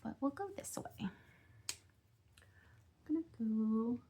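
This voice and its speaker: A woman's voice: fairly high pitch, takes it slowly, mellow, a little hiss or hum. A woman vlogging at home about her budgeting game, chatting casually and giggling while she colors, often dropping into a half-whisper. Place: home on a busy street.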